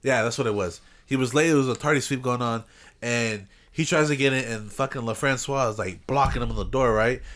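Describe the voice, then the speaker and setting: A man's voice: medium pitch, fairly quick, fairly bright tone. A man telling a rambling school story in casual podcast chat, cursing and laughing often. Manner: rambling storyteller, heavy swearing, laughs a lot. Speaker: podcast co-host.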